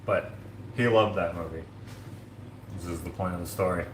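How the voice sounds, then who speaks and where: A man with a fairly low voice talks loosely and rambles as he washes dishes on a casual livestream, leaning on "like" and "you know". He sounds roomy, as if recorded in a home kitchen, with faint ambience behind him. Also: steady tone, normal speed, slight background noise. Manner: rambling, heavy use of filler words like "like". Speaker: streamer and host. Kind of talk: casual livestream chat while washing dishes.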